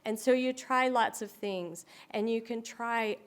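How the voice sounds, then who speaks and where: Animated woman giving a talk. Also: fairly high pitch, a little slow, smooth. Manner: animated storyteller who acts out quoted voices. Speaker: speaker on dementia care. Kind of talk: presentation to an audience.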